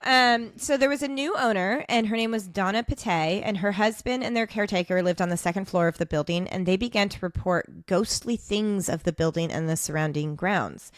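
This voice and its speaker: A woman co-hosting a casual podcast, telling the story in an animated, jokey way with sudden excited squeals. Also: mid-range voice, brisk, hardly any pauses, dry recording, studio quality. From United States. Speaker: podcast co-host.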